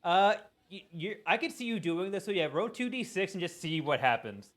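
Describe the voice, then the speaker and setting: A man narrating a tabletop role-playing game as its game master. He talks casually with plenty of fillers and easy laughter, and his voice sits a little higher than most men's. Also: animated, moderate pace, fairly bright tone.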